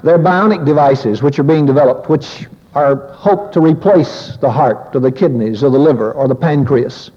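A man's voice: medium pitch, dark tone, husky. Earnest male preacher in a reverberant hall. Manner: earnest, measured, reflective. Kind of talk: sermon. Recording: old lo-fi recording with long reverb.

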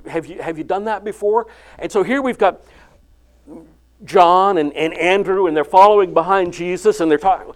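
An older man preaching a sermon, retelling the Bible story and acting out its dialogue with lively inflection. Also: high voice, normal speed. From California.

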